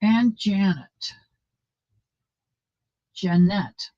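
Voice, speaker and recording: A woman's voice: mid-range voice, moderate pace, no room sound, muffled recording. A woman hosting a casual live stream, greeting viewers by name and chatting about recipes. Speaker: livestream host.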